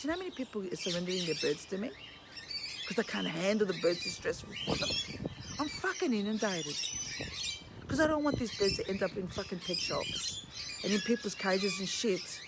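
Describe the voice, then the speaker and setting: A woman's voice: mid-range voice, heavy background noise. An Australian woman ranting in a vlog monologue, fired up and swearing, at home among her pet birds. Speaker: vlogger and empathy counsellor. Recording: loud birdsong chirping behind. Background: chirping birds.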